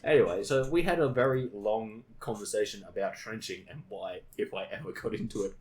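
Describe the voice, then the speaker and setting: A man's voice: on the low side, brisk. A man co-hosting a podcast, telling a story in casual chat and laughing as he goes. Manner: animated, laughs through his stories. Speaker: podcast co-host.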